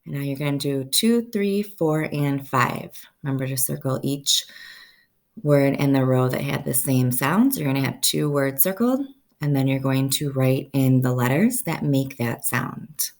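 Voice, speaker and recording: A woman teaching a first-grade phonics lesson, slowly stretching out each sound so children can say the words with her. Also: rumbling low, lively intonation, darkish tone.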